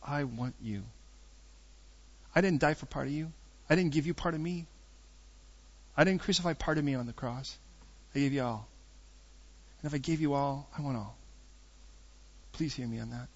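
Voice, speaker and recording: A man voicing God as a calm, firm, loving speaker, lower and quieter than his own talk. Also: normal speed, pauses often, dull audio, natural voice. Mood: earnest.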